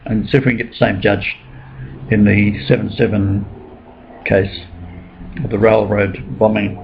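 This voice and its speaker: Man with a gravelly voice, rambling and insistent; dull lo-fi recording. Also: on the low side, flat delivery, unhurried. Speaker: speaker with religious claims. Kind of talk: casual conversation. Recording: dull lo-fi recording with faint noise.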